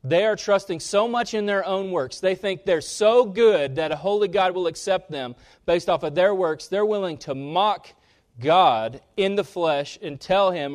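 A man preaching a sermon, rising sharply in pitch and loudness on key points and dropping low between them. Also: a little slow. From Kansas. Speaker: pastor.

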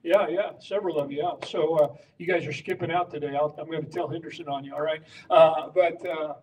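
High-voiced man addressing pastors. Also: steady tone, a little fast, a little mellow, distant mic, a little hiss or hum, low-quality recording. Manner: emphatic, teaching by patterns and rhetorical questions. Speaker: pastor and prayer coach. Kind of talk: conference talk to pastors. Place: conference room with audience.

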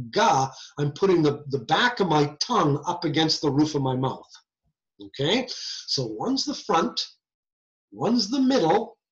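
A man lectures in a loose, joking way, his voice sitting high and swinging widely in pitch. The recording sounds somewhat dull and lo-fi, like a screen-share session. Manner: lively, conversational, jokey. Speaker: hearing science lecturer. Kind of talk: informal lecture.

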